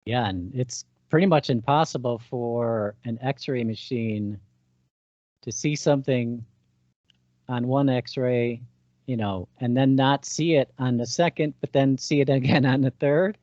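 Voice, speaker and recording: A man's voice: medium pitch, measured pace, a little mellow, no room sound, dull audio. A man hosting an interview, reacting to the guest with brief comments. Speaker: host. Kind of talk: interview chat.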